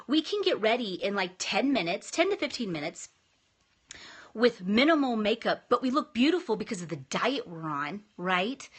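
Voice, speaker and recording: A woman's voice: mid-range voice, a bit bright, breathy edge. A woman in her thirties, a homeschooling mom, chatting casually and encouragingly to camera about self-care and faith. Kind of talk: casual motivational chat to camera.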